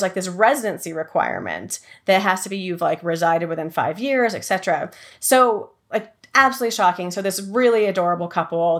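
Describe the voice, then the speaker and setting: A woman hosting a podcast, talking casually with lots of fillers and quick restarts. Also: medium pitch. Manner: chatty, many fillers and restarts. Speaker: podcast host.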